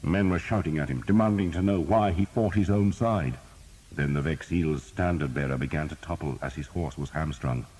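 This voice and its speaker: A man with an extremely deep voice reads a historical audiobook. His tone is husky and a little rough, and his delivery is steady and measured, carrying the action line by line. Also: poor audio. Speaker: audiobook narrator. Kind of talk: dramatic audiobook narration.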